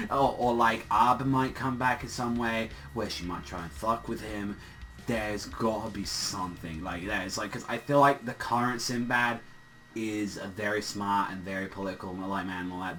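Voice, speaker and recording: A man's voice: on the low side, fairly bright tone, slight background noise, low-quality recording. Swearing, rambling male manga reviewer. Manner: rambling, heavy swearing, lots of fillers. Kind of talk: casual chapter review.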